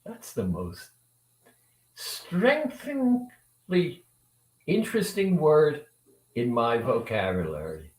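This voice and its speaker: A man's voice: medium pitch, takes it slowly, long pauses, reverberant, recorded from a distance, rough recording. A man coach telling a motivational story, acting out both sides of a conversation. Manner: acts out both sides of a dialogue with lively shifts. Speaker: weight-loss coach.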